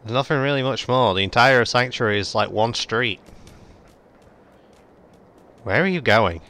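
A man's voice: mid-range voice, expressive, measured pace, bright, forceful tone. A man giving jokey, sarcastic, sweary commentary while playing a game. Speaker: gaming video host. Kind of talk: let's play commentary.

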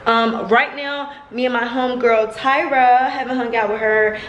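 A young woman in her twenties chatting casually to her viewers at home, filled with "like" and quick asides. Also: on the high side, steady tone, highs cut off, a little hiss or hum. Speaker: vlogger. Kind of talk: casual home vlog chat. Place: at home, indoors.

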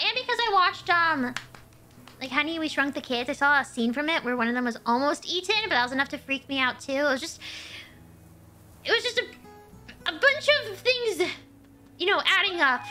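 A woman's voice: sits high, bright, forceful tone. A woman streamer chatting animatedly while playing a game, telling stories as she goes. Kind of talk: casual gameplay chat.

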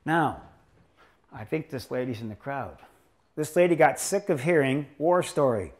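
A man's voice: mid-range voice, animated, moderate pace. A man giving a lecture to an audience as a doctor, telling patient stories in a rambling, joking way. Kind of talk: anecdotal lecture to a live audience.

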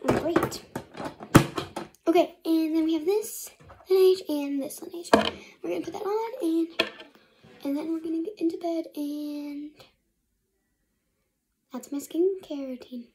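This young female vlogger has a very high voice and speaks at a measured pace with frequent pauses, over heavy background noise. She rambles casually through her nighttime skincare routine in a get-ready-with-me style, frequently half-whispering to herself.

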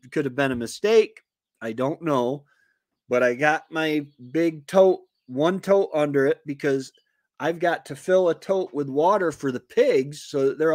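A man hosting a homesteading livestream, chatting casually and haltingly with many fillers and restarts, and poking fun at himself. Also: on the high side, no echo, studio quality. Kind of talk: casual rambling chat.

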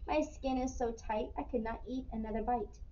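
A woman's voice: on the high side, steady tone, moderate pace, warm tone, a little hiss or hum, lightly acted. A woman voicing a well-fed, sighing woodchuck in a storybook read-aloud. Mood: relieved. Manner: sighing, relieved. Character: full sighing sleepy woodchuck. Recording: muffled, distant mic with faint ambience.

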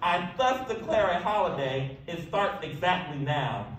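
A man voicing an anxious, tearful male school principal in a storybook reading, his voice a little higher than usual. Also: lively intonation, measured pace, fairly bright tone, far from the mic. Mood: proud. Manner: tearful, fretful announcing. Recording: echoey room, voice off-mic, faint hiss.

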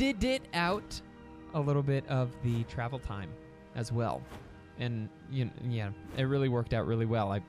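Animated man rambling over gameplay. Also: mid-range voice. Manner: chatty, animated, prone to excited yelps and stammered restarts. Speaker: gaming channel host. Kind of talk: casual gameplay commentary. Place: home recording setup.

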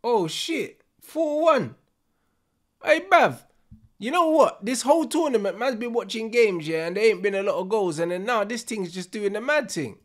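Slangy man, loose and lively. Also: high voice, normal speed. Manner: loud slangy banter, frequent laughter. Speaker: streamer reacting to football. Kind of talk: live reaction commentary.

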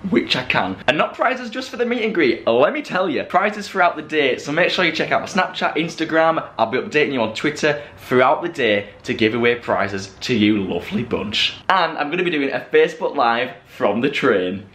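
A young man chatting casually in a vlog, bubbly and jokey, laughing often and jumping up into high squeals. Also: very animated, a little fast, few pauses, a bit bright. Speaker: vlogger.

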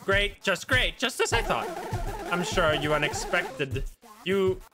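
A man's voice: high voice, sing-song, slow pace, full character voice. Guy putting on a prissy hotel clerk from the afterlife, super polite, game music going behind. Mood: prim.

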